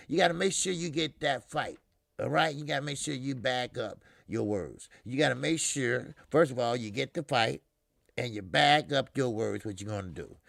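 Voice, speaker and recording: A man's voice: mid-range voice, vocal fry, fairly bright tone, no echo, studio quality. A middle-aged man hosting a casual boxing live stream, talking loosely with lots of swearing and fillers, answering viewers in the chat.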